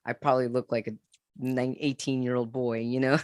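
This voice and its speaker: A man's voice: medium pitch, little pitch movement, no room sound. Earnest man telling his story, dry sound. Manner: earnest, halting, with frequent restarts and repeats. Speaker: podcast guest. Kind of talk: candid personal storytelling in an interview.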